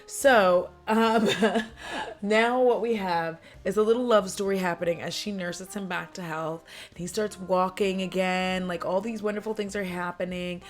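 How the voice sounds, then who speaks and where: A woman recapping a film in a casual chat, animated and chatty, acting out lines and laughing as she goes. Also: mid-range voice, a little slow, faint music behind. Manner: acts out characters' lines and sound effects.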